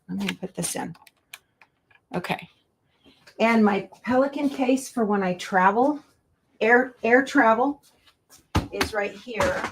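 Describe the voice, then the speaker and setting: A woman's voice: mid-range voice, noisy background. A woman hosting a quilting show, chatting casually to viewers and herself as she sorts her craft room. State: out of breath at times. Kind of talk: casual chat while tidying. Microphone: earbuds.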